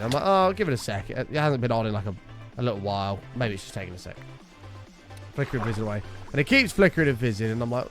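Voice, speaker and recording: A young man streaming a game, casually telling a story, swearing freely and acting out his own quotes. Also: medium pitch. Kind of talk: casual storytelling while gaming.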